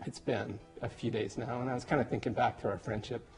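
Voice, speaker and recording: A man recording a heartfelt, halting birthday message to his best friend, getting emotional and joking at himself. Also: mid-range voice, fairly even intonation, soft background music. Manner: emotional, halting, self-deprecating. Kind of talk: personal video message. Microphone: camera.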